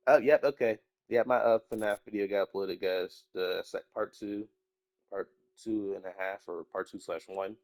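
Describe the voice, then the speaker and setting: Young guy kinda sick and stuffy, low voice, rambling and cussing, dry close sound. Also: steady tone, normal speed, a little mellow, dry recording. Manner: rambling, swears often, trails off into mumbling. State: slightly sick, stuffy nose. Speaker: YouTuber. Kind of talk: casual rambling chat.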